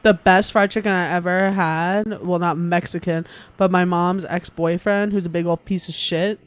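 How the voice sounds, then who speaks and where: A man's voice: high voice, steady tone, normal speed, clear, resonant tone. A man co-hosting a podcast, chatting casually with short, laid-back replies. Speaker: podcast co-host. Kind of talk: casual reaction chat.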